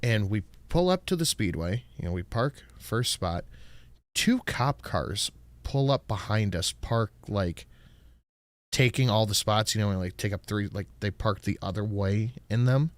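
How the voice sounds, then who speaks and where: A man's voice: lowish voice, expressive, unhurried, no echo. Casual, profane male podcast host. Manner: loose, profane storytelling with fillers. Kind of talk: casual live-stream chat.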